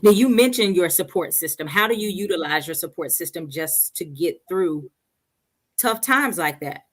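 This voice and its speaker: A woman therapist hosting an interview, asking questions calmly and answering with short affirmations. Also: lowish voice, normal speed. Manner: calm, affirming, short back-channel responses. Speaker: therapist, host.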